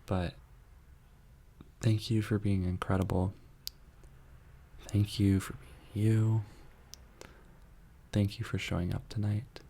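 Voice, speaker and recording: A man with a deep, gravelly voice talks softly in an ASMR live chat. He rambles in a tender, earnest way and sometimes drops into a whisper while he answers his viewers. A faint hiss sits under his voice. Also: level tone, takes it slowly, pauses often. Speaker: ASMR channel host reading viewer messages.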